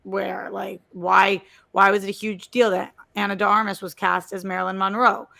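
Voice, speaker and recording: A woman co-hosting a chatty podcast, her voice carrying a gravelly vocal fry. She talks casually and slips in quick asides as she goes. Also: medium pitch, little pitch movement, pushed and bright. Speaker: podcast co-host. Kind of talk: casual chat.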